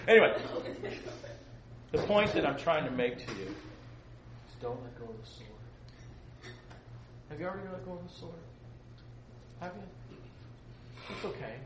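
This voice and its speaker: Animated joking preacher man, echoey hall. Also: on the high side. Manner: animated, joking, swings between loud and soft. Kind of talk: sermon to a youth congregation. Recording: echoey room, faint room noise.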